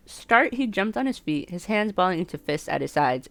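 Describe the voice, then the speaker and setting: A woman's voice: fairly low pitch, animated, normal speed, dry recording. A young woman streaming a dating sim, reading the game text aloud and chatting about it in a self-mocking way, laughing often. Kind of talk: casual let's-play commentary and reading game text aloud.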